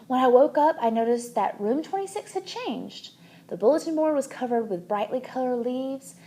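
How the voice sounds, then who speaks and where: Woman audiobook reader, children's chapter book, lively, slightly high voice. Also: normal speed. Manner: expressive, animated.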